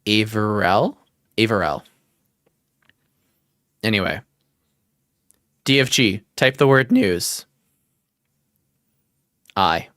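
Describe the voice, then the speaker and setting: A man's voice: fairly low pitch, lively intonation, slow, pauses often, fairly bright tone, dry recording. Joking male streamer in a dry room. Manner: joking, teasing, reads chat aloud. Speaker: livestream host. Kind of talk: casual stream chat.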